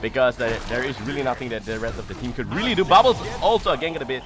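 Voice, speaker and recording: Fast, excitable esports play-by-play man. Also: medium pitch. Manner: rapid, excitable, rising loud on big plays. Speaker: esports caster.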